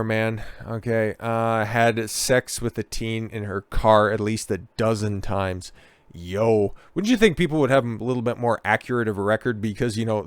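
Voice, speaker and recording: A man reading news stories aloud and breaking in with mocking, sarcastic remarks, with loud bursts when he reacts. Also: on the low side, smooth, dry recording. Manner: mocking, sarcastic, talks over what he reads. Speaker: commentator.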